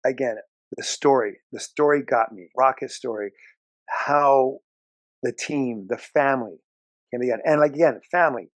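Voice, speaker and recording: Gravelly, opinionated man reviewing movies. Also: mid-range voice, no room sound. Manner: opinionated, enthusiastic, fillers and restarts. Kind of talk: casual movie review chat.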